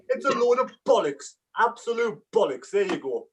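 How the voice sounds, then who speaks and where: Man, high voice, blunt, swears freely, panel guest. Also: big pitch swings, moderate pace, few pauses, breathy edge. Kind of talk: casual live panel chat.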